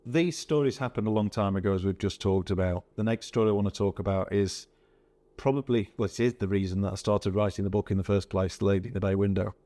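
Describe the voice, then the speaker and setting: Low-voiced man telling a ghost story. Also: fast. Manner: animated, retelling with quoted speech. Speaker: podcast host. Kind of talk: casual storytelling chat.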